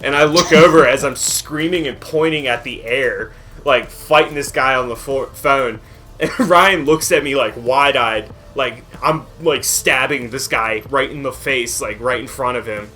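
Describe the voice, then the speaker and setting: A young man co-hosting a podcast, telling a work story in a casual, animated way, laughing often, swearing, and acting out both sides of an argument. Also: medium pitch, a little slow. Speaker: podcast co-host. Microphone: podcast microphone.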